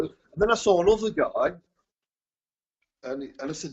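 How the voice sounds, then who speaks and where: An Englishman with a husky, slightly rough voice tells his story to a group, stumbling over words and restarting often. His pitch swings widely as he talks. The recording is muffled and lo-fi. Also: expressive, a little mellow. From England. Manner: halting, repeats words, chuckles often. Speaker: recovery speaker. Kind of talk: personal testimony to a group.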